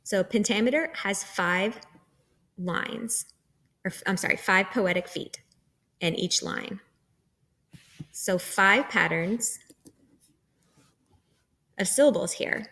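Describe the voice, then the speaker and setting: A woman's voice: medium pitch, slow pace, long pauses, a bit bright. A woman teacher giving a recorded lecture, explaining terms patiently step by step.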